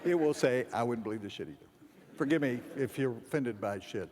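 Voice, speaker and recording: A man's voice: mid-range voice, animated, fairly quick, noisy background. A man giving a humorous keynote speech, rambling through a comic story and acting out the dialogue. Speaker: keynote speaker. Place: large event hall. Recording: long hall reverb, faint background ambience.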